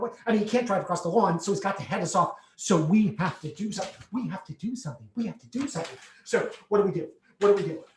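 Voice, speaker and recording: A man performing a comic autobiographical monologue on a theatre stage, animated and exclamatory. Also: high-pitched. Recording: echoey theatre, distant mic.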